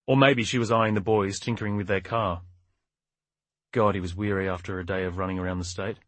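A man narrating a crime novel audiobook in a steady, measured way. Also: sits low, no echo. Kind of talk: scripted narration.

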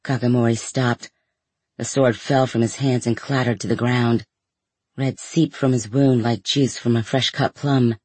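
A man reading a first-person story aloud in a measured, even way. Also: medium pitch, husky, dry recording. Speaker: audiobook narrator.

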